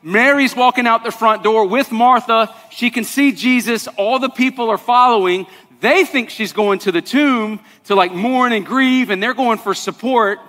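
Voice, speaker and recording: A man preaching a sermon to a congregation, talking conversationally and dropping to soft, intense tones for weight. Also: high voice. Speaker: pastor. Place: church sanctuary. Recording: long reverb of a large hall.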